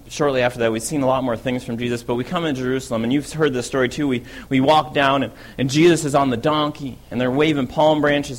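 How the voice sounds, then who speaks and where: Man acting as impulsive apostle, first-person monologue, lively telling, middle pitch, speeds up and swells when excited. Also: close to an everyday voice. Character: apostle Peter, impulsive eager male disciple.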